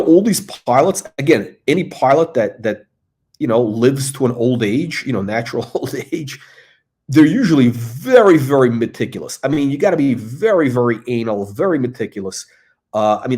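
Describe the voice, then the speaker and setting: A man's voice: mid-range voice, very animated, normal speed, darkish tone. A middle-aged man hosting a casual livestream, talking in a rambling way with lots of fillers and restarts. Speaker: host.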